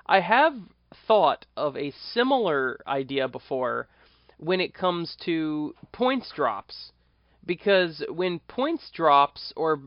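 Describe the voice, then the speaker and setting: A man's voice: fairly high pitch, dry recording, dull audio. Chatty podcast host man. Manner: chatty, self-deprecating, thinks aloud with fillers. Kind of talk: casual podcast talk.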